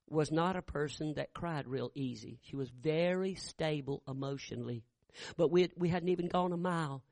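An older man preaching a revival sermon, telling folksy stories and rising into fervent shouts. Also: on the high side, dry recording.

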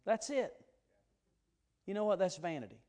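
Preacher guy, high voice, folksy story in a sermon, gets loud and punchy at times. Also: sing-song, moderate pace. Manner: folksy, storytelling, rising to emphatic bursts. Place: auditorium before an audience.

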